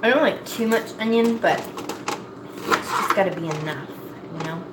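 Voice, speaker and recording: A woman talks in a drawn-out, leisurely way, folksy and poking fun at herself. Her voice bounces around a hard, roomy kitchen, and pots and dishes clatter clearly behind her. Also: lowish voice. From Nova Scotia, Canada. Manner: rambling, folksy, self-mocking. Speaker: cooking vlogger. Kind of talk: casual chat while cooking. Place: home kitchen. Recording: echoey kitchen with cooking noise.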